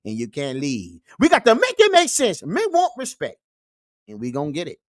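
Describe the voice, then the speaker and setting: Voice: mid-range voice, animated, normal speed, a little mellow, no echo, studio quality, close to an everyday voice. A performer playing a preachy male uncle who lectures on red-pill views, a comedic character monologue that keeps repeating "you see" and "baby". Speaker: host.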